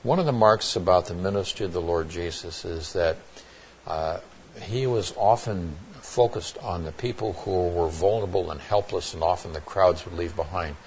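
A man's voice: deep voice, moderate pace, a little hiss or hum. A man preaching a Bible sermon, earnest and plainspoken, often restarting his words with fillers.

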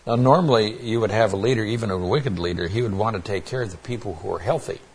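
A man's voice: fairly low pitch, fast talker, a little mellow, slightly rough. A man preaching a Bible sermon, earnest and plainspoken, often restarting his words with fillers.

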